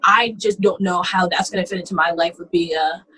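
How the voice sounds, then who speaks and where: A woman's voice: fairly low pitch, steady tone, a little fast, sharp tone, breathy edge, rough recording. A young woman co-hosting a casual reality-TV recap chat, blunt and opinionated, acting out what others said. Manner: blunt, opinionated, acts out other people's lines. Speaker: podcast co-host.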